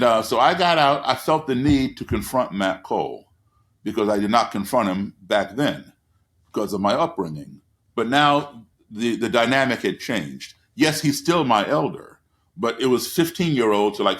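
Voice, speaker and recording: Animated man in his sixties telling a story. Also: on the low side, moderate pace. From United States. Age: 60s. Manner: lively storyteller who acts out the people he quotes. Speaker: guest. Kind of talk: storytelling in a conversation.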